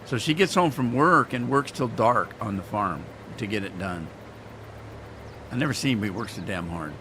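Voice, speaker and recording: Male gaming streamer, folksy and rambling, scratchy throat he keeps clearing, casual live chat. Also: fairly low pitch, animated, moderate pace. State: throat irritated, clearing throat often. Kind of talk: casual chat to live viewers while playing.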